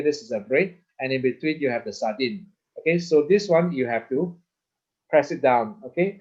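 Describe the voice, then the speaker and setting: A man's voice: medium pitch, a little mellow, lo-fi sound. A man teaching an online class, explaining patiently and checking in with "okay?" after nearly every phrase. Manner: patient, repeats words, frequent "okay?" checks. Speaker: Hebrew teacher. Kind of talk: online lesson with slides.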